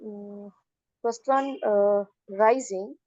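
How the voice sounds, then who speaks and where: A woman's voice: medium pitch, steady tone, drawn-out words, darkish tone, dry recording, muffled recording. A woman student politely reading out her answers in an online class, hesitant and full of fillers.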